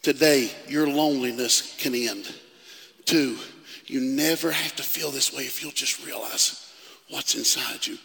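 A male pastor preaching a sermon in a church, swinging from loud declarations to hushed tones. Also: mid-range voice, unhurried, vocal fry. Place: church sanctuary. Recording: long reverb of a large hall.

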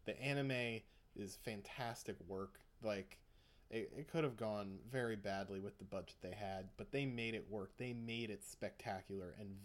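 A young man co-hosting a podcast in casual chat, rambling and laughing often. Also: lowish voice. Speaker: podcast co-host.

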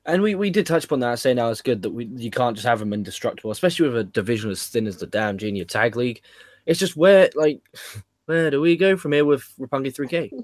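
A quick-talking man chats casually about wrestling. He swears easily and laughs at his own jokes. His voice is close and dry, with no room sound. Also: medium pitch, dry recording. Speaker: podcast host.

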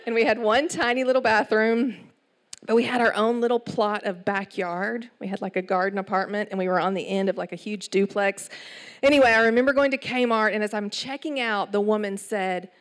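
A middle-aged woman with an East Texas accent, preaching a sermon in an animated storytelling way with asides. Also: medium pitch, brisk. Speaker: church speaker.

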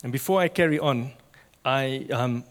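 A man preaching a sermon with passion, swinging from loud to hushed. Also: mid-range voice, moderate pace, long reverb tail.

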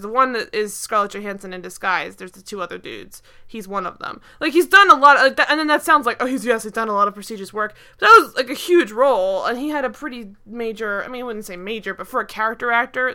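A woman co-hosting a podcast chats casually about a TV episode, rambling, full of "like," and restarting often. Her highish voice is expressive, pushed, and bright, and she talks fast with few pauses.

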